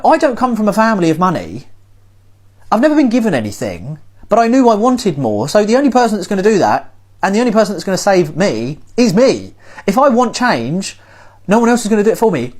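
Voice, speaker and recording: Speaker, middle pitch, very lively intonation, emphatic lecturing rant, repeats points. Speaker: TikTok commentator. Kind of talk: motivational rant to camera.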